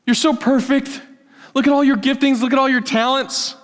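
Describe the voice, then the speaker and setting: A gushing flatterer piling on praise in a raised, sing-song pitch, as a preacher puts it on. The sound carries a long hall reverb. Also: male voice, moderate pace. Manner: gushing, over-the-top praise.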